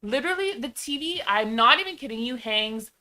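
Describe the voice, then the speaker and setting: Woman, co-host, bright and fairly high voice, emphatic and teasing. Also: a little fast. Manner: animated, emphatic, exasperated teasing. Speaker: host's wife, co-host. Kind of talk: casual live-stream chat.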